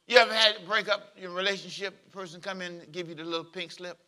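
A male pastor delivers a sermon in a very bright, somewhat high voice. He is animated, acts out the voices in his stories, and pulls the congregation into call and response. He jokes easily between points. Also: fast.

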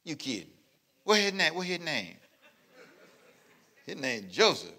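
A man's voice: a little high, sing-song, measured pace, sharp tone. A male pastor preaching a sermon, joking with the congregation and acting out scenes as he goes. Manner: playful, joking preacher who acts out scenes; calls out to the congregation.

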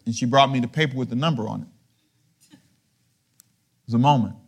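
A middle-aged male pastor preaching a sermon, firing rhetorical questions and swinging from low murmurs to loud, high emphasis. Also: a little fast, vocal fry, breathy edge.

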